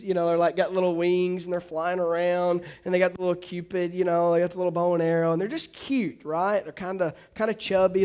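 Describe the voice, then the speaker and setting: High-voiced man preaching a casual sermon. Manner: casual, joking preacher, animated. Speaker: pastor.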